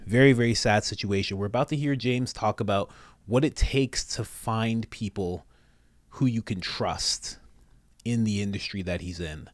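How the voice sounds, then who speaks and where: Man, commentary host, earnest, lowish voice, dry close sound. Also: dry recording. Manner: earnest, promotes his merch store. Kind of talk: casual video commentary.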